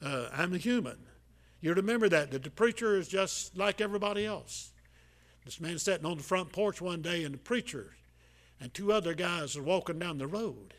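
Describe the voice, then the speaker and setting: High-voiced older preacher, folksy and halting. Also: male voice, expressive. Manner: folksy, repetitive, many filler "uh"s, swings between loud emphasis and quiet asides. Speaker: pastor. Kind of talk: sermon.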